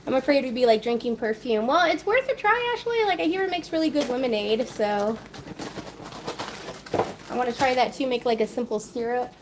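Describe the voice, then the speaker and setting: A woman's voice: on the high side, expressive, fairly quick, noisy background. A woman hosting a casual cooking livestream from her home kitchen, a chatty, scattered mother reading viewer comments aloud as she cooks. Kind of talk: casual live-stream chat while cooking.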